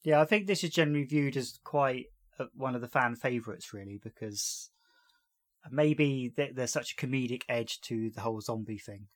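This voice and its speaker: A man's voice: mid-range voice, moderate pace, no echo. A man hosting a casual podcast, chatting about a TV series episode and retelling scenes with frequent laughs. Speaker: podcast host.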